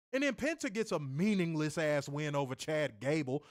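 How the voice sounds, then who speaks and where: A man's voice: a little high, big pitch swings, normal speed, few pauses, dry recording, studio quality. A man co-hosting a wrestling review show, ranting in an exasperated, profane, mocking way. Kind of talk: ranting casual review chat.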